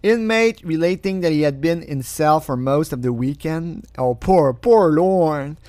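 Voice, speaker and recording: A man's voice: a little high, steady tone, normal speed, mellow, no echo. A man who is not a native English speaker, giving casual, sarcastic commentary, often breaking into mocking laughter.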